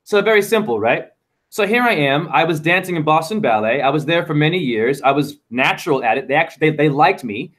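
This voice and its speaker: A man's voice: on the high side, expressive, a little fast, a bit bright. A man talking as a show guest in a rambling, fervent monologue full of wordplay. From United States. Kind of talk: casual chat.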